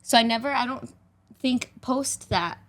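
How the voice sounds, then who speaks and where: A woman's voice: fairly high pitch, unhurried. A young adult woman on a casual podcast, talking candidly and from the heart, with many "like" fillers.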